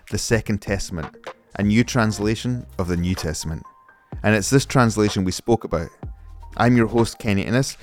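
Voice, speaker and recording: A man with a Scottish accent, hosting a podcast and interviewing a guest in a measured, earnest way. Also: on the low side. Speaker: podcast host. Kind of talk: scripted intro then casual interview.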